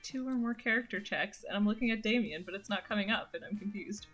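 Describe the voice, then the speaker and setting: A woman chatting casually with friends during a game stream in an excitable, reactive way. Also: mid-range voice, fast talker, highs cut off, soft background music. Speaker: streamer guest. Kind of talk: casual gaming chat.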